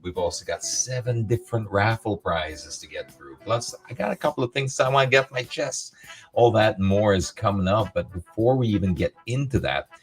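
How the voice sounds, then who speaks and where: A man's voice: lowish voice, normal speed. A man hosting a live stream in a casual, playful way, greeting his viewers by name. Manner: energetic, playful, reads out viewer names. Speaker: host.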